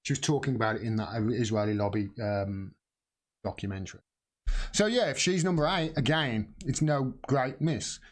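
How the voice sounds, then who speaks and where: A man's voice: mid-range voice, moderate pace. Blunt, rambling British man commentating live. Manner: rambling, many restarts and fillers, blunt swearing. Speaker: political commentary host.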